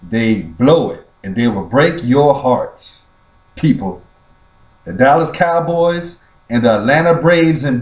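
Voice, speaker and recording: A man's voice: medium pitch, animated, takes it slowly, a little mellow, reverberant, recorded from a distance. A man ranting and teasing about football in a mocking, theatrical way. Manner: teasing, theatrical fake sobbing and laughing. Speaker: vlogger reacting to a sports clip. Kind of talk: mocking sports rant.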